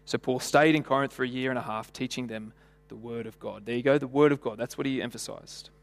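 A man's voice: medium pitch, fast talker, gravelly. A man preaching a sermon in a church, conversational and full of rhetorical questions and stories. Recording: long hall reverb.

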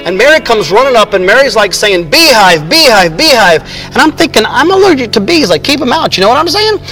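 A man playing an excitable fisherman apostle in a comedic skit, rambling and jokey. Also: extremely high pitch, fairly quick, full character voice, low-quality recording. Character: excitable male fisherman apostle, middle-aged, gushing.

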